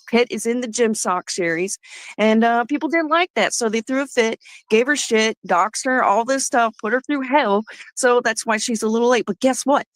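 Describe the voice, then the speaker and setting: A woman's voice: on the high side, no room sound. Furious, foul-mouthed woman ranting. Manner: angry, profane, ranting. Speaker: co-host. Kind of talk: profane rant on a comics livestream.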